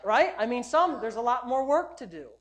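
A male pastor preaching a sermon at a church service, emphatic and repetitive, building up to loud declarations. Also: very high voice, animated, moderate pace.

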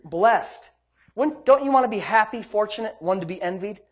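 A man's voice: high voice, lively intonation, moderate pace. A man preaching a sermon as pastor, fervent and exclaiming praise between verses.

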